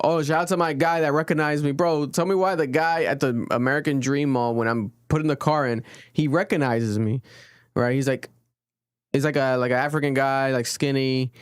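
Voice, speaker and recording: Rambling, animated young podcast host, man. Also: mid-range voice, moderate pace, clear, resonant tone, dry recording, studio quality. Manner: rambling, animated, swears often. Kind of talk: casual podcast chat. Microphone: studio podcast mic.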